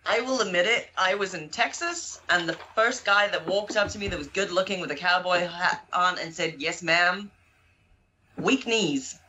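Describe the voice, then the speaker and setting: A woman's voice: lowish voice, moderate pace, few pauses, pushed and bright, a little hiss or hum, rough recording. A woman from Zimbabwe and South Africa, with an accent mixing South African, British and American, chatting as a guest and telling stories with laughs. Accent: mixed South African, British and American. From born in Zimbabwe, raised in South Africa and Greece. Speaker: guest paranormal investigator. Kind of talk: casual chat on a live show.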